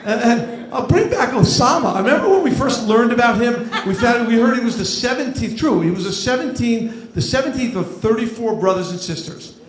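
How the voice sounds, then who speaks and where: On a club stage, a New Jersey man in his fifties works through a stand-up routine, dry and self-deprecating. He speaks in a very high, expressive voice, a little fast and with hardly any pauses, while the echoey club carries crowd sounds.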